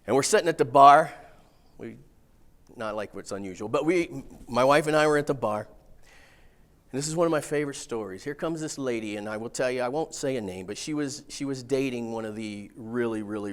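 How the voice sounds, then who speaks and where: Middle-aged guy, folksy and animated, spinning a story on stage with some cussing. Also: medium pitch. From Missouri. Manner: folksy, animated, casual swearing. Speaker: speaker. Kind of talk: storytelling keynote talk.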